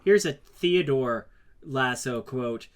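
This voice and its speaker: Amid crowd noise, a male podcast co-host with a medium-pitched, animated voice chats casually. He keeps stumbling into restarts and fillers.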